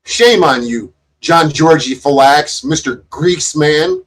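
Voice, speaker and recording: A man's voice: on the high side, takes it slowly. A man giving casual, sarcastic commentary on a video, mocking the people in it and swearing freely. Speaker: co-host reacting to a video.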